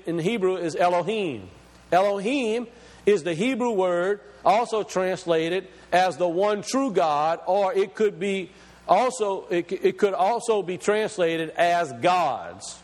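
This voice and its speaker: A male preacher delivering an emphatic teaching sermon, asking questions and explaining scripture word by word. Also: sits high. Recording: long hall reverb.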